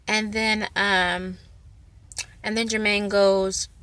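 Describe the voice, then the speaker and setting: A woman's voice: medium pitch, slow, no echo. A woman vlogger telling a personal story in a rambling, casual way, full of fillers. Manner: rambling, filler-heavy, animated retelling.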